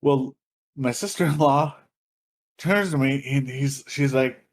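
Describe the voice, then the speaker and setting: A man's voice: mid-range voice, takes it slowly. A man on a podcast telling a long story in a casual, profane, laughing way. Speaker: podcast co-host.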